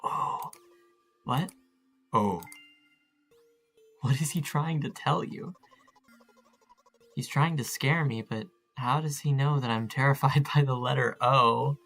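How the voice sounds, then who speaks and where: Faint music plays behind a man whose medium-pitched voice is steady, unhurried, and fairly bright. He gives casual let's-play commentary on a text adventure, reading its lines out loud and cracking self-mocking jokes.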